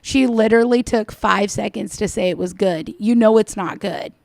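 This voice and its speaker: A woman's voice: mid-range voice, moderate pace, vocal fry, darkish tone, no echo. A woman giving sarcastic, scolding reaction commentary over a cooking video. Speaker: commentator reacting to another vlogger.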